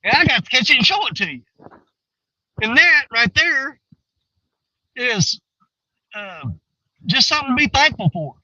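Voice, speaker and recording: A man talking casually to viewers from a riverbank, folksy and rambling, swinging between excited and hushed. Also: very high voice, a little slow, long pauses, no room sound, lo-fi sound. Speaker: outdoor fishing vlogger. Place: outdoors on a riverbank.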